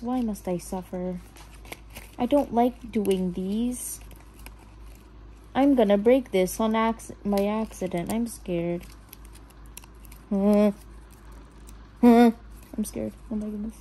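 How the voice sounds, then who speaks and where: Through a rough recording comes a mid-range, darkish female voice. She's a vlogger casually narrating to herself as she unboxes and builds a toy house, anxious she'll ruin it and admitting over and over that she's scared.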